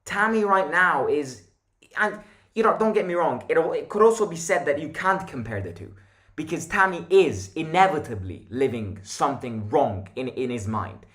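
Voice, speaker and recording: A man's voice: a little high, animated, moderate pace, a bit bright. A young man hosting a football channel, giving a blunt, opinionated match reaction monologue.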